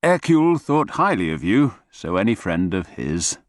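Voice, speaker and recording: A man's voice: fairly low pitch, sing-song, normal speed, dry recording. A worldly middle-aged businessman with a Corsican accent, as a male narrator puts him on, speaking evenly in a slightly raised register. The audiobook read is dry and close. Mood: matter-of-fact.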